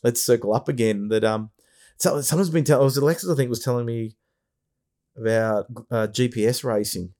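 Mellow-voiced podcast host, a man. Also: medium pitch, moderate pace. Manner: enthusiastic, rambling with restarts. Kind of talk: casual chat.

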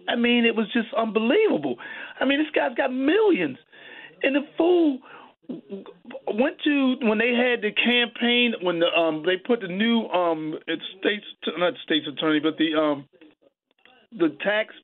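A man calling in to a radio show, emotional and rambling, restarting his sentences often. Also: sits high. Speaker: caller. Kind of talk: radio call-in. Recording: tinny phone line.

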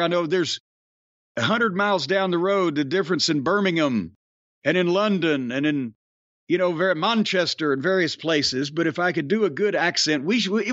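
Male podcast host, high voice, profane and wisecracking, dry muffled recording. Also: fairly bright tone, no echo. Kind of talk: casual podcast talk. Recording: dry, dull lo-fi sound.

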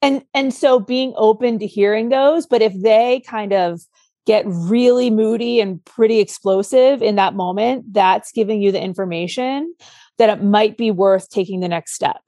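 A woman's voice: medium pitch, moderate pace, warm tone, no echo. A woman co-hosting a podcast, talking casually and earnestly about parenting, walking through examples step by step. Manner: earnest, explains with examples, acts out a child's outburst. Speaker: podcast co-host. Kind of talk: casual advice chat.

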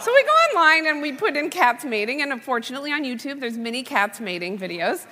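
A woman comedian telling a comic story on stage, animated and wry, with playful asides. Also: high-pitched, quick pace. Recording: live hall reverb, faint noise.

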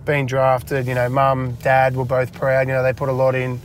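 Brief: Australian man, medium pitch, chatty storyteller, laughs a lot, faint car noise behind. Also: completely flat delivery, moderate pace. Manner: chatty, laughs often, acts out dialogue in a raised voice. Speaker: interview guest, retired footballer. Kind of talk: casual storytelling interview. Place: inside a parked car.

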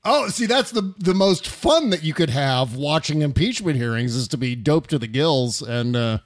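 Middle-aged male podcast host, chatty, laughs easily, slightly high voice, dry close sound. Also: animated, moderate pace, no echo. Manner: laughs often, chatty, filler-heavy. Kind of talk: casual interview chat.

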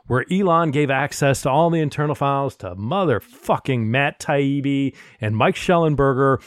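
A man's voice: fairly high pitch, no room sound. Indignant man with a dry, close sound. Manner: animated, indignant, swears freely. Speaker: podcast co-host. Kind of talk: casual political commentary.

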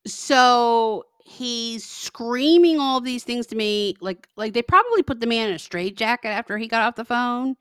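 A woman's voice: a little high, animated, unhurried, few pauses, a bit bright, clear, resonant tone, dry recording, clean studio sound. A young adult woman co-hosting a podcast, telling a story in casual chat and acting out both sides of phone calls. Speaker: podcast co-host.

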